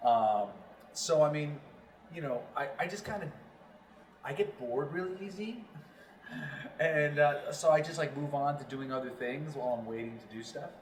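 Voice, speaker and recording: A voiceover actor from Long Island, New York talks casually as an interview guest, rambling with lots of fillers. His voice is a little high at normal speed, captured by a distant mic in a roomy space.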